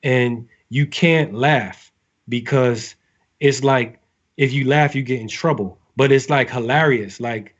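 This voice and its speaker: Rambling sailor giving recruits advice. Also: male voice, mid-range voice, slow, dull audio. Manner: rambling, full of fillers and restarts. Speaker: navy sailor speaking to recruits. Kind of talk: casual advice talk.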